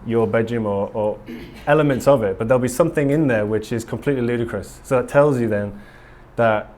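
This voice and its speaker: A man's voice: mid-range voice, brisk, a little mellow, a little hiss or hum. A man giving a casual conference talk to a live audience in a conference room, earnest and rambling, with frequent ums and restarts. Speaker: conference speaker.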